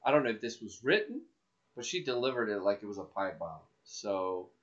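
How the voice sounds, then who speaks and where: A man's voice: on the low side, big pitch swings, fairly quick, a bit bright. A man hosting a podcast in casual chat, rambling with many restarts and fillers. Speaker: podcast host. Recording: dull lo-fi recording.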